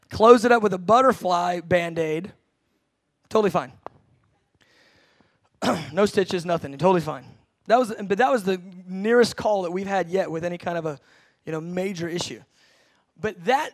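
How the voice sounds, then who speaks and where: A man in his thirties preaching a sermon, telling a family story with animated, acted-out quotes and laughs. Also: high voice, no echo. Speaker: pastor.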